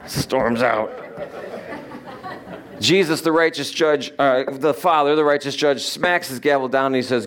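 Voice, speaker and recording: A man's voice: mid-range voice, big pitch swings, moderate pace. A man preaching a conversational sermon, joking with the congregation and explaining words with frequent fillers. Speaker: pastor.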